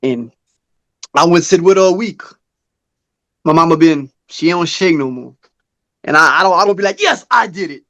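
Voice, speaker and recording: A man's voice: fairly high pitch, lively intonation, normal speed, long pauses, sharp tone. A man, co-hosting a podcast and telling an earnest story. He talks casually and acts out quoted dialogue. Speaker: podcast co-host.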